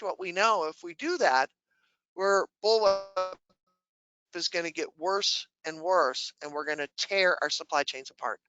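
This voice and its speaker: A woman's voice: mid-range voice, bright, forceful tone, no echo, rough recording. A woman giving a webinar presentation who asks the audience questions and answers them herself, with dry humor.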